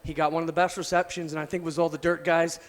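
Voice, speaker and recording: Fast-talking man announcing at a speedway. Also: fairly high pitch, level tone. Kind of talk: casual booth commentary. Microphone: headset.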